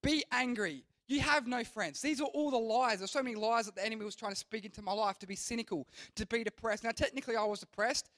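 Young man, youth pastor preaching, high voice, earnest rambling delivery full of restarts, dry sound. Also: fast talker, hardly any pauses, a bit bright, dry recording. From Australia. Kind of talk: youth sermon.

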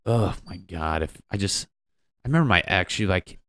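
A man's voice: deep voice, animated, moderate pace, fairly bright tone, no room sound, studio quality. A young man doing a stand-up comedy bit, rambling and profane, acting out quotes as he goes.

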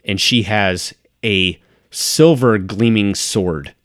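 A man with a fairly low voice narrates a tabletop game as game master. He describes each scene and quiets down for the dramatic moments, and the recording is dry and close. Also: slow, no room sound.

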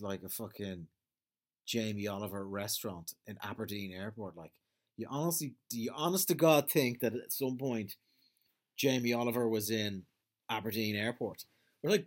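A man's voice: on the low side, normal speed. A man with an Irish accent in a casual, rambling monologue, swearing freely and trailing off as he hunts for words. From Ireland.

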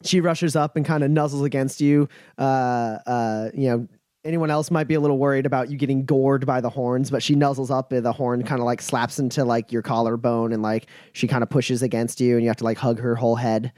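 A man narrating a tabletop game as game master, halting with many fillers. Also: medium pitch, steady tone, a little mellow, no echo, studio quality.

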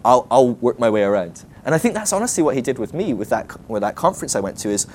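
A young man giving a casual, animated teaching talk at a ministry school, often acting out the quoted voices. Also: medium pitch, fast, a little hiss or hum.

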